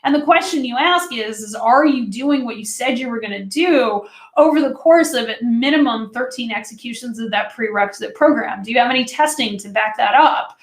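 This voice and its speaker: A woman presents a training session in a relaxed, conversational way, speaking straight to her listeners as if they were friends. Her voice sits a little high. The recording has a noticeably roomy echo. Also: fairly quick. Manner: chatty and direct, talks to listeners as friends. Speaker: food safety consultant presenting a webinar.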